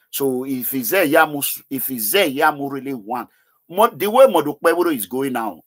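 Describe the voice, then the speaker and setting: A man with a Nigerian accent hosting a political call-in show, talking excitedly and slipping into Pidgin. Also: medium pitch. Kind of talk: animated political commentary with callers.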